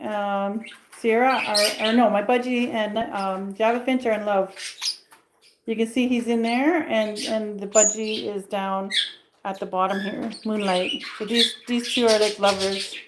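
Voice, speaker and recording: Woman host, casual rambling livestream chat, bird room with birds clearly audible. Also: a little high, fairly even intonation, unhurried. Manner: chatty, rambling, coos at her birds. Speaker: pet channel host. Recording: clear bird noise in the background. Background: birds chirping and squawking.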